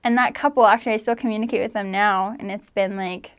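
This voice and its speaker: A woman in her twenties telling family stories in casual chat, full of "like" and lively quoted voices. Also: medium pitch, fast talker, clean tone. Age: 20s. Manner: chatty, lots of "like", animated quoting. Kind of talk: casual storytelling.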